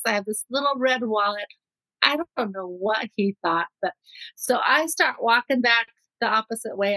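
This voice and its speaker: A woman's voice: fairly high pitch, sharp tone, dry recording, poor audio. A middle-aged woman from Mexico, a guest telling her own story in an interview, vivid and acting out what people said. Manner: vivid storyteller who acts out quotes.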